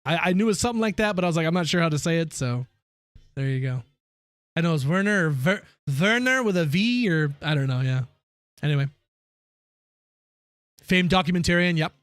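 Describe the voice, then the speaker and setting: A man's voice: a little high, expressive, fairly quick, pauses often, fairly bright tone, clean tone, dry recording. A young man chatting casually with his viewers during a game live stream. He is chatty and opinionated, ranting with slangy asides.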